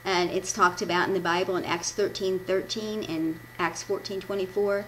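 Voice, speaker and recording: Giving an informal devotion at church, a Midwestern American woman reads her notes, rambles, and laughs at her own stumbles as she corrects them. She speaks at normal speed with a fairly low pitch and fairly even intonation. There's a little hiss or hum on the low-quality recording.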